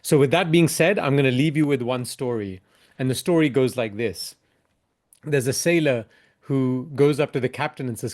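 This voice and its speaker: A man's voice: mid-range voice, normal speed, a little mellow. A man speaks as a keynote speaker and investor. His delivery is earnest and reflective, with a mid-range voice. He ends on a short parable.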